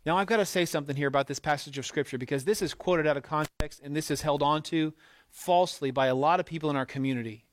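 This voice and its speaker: A man preaches with a fairly high voice and an emphatic, conversational delivery. He slips into quoted asides as he talks to the congregation. The sound is dry, with almost no room echo. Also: fast talker. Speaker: pastor. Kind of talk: sermon.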